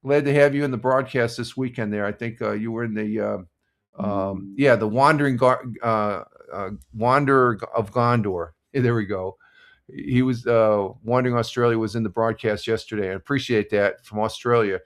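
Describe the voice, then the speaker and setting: An older man hosting a casual live stream, chatting in a relaxed, rambling way with lots of fillers and restarts. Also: mid-range voice, moderate pace. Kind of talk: casual morning chat reading sports scores and viewer comments.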